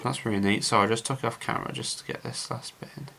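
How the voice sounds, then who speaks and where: A man's voice: mid-range voice, fast talker, gravelly, sharp tone, slight background noise. A man casually narrating his scale model build to viewers, chatty and rambling with frequent filler words.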